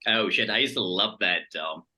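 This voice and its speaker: A man's voice: fairly low pitch, normal speed, bright, forceful tone. A man co-hosting a podcast in casual chat, playful and profane, laughing often. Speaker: podcast co-host.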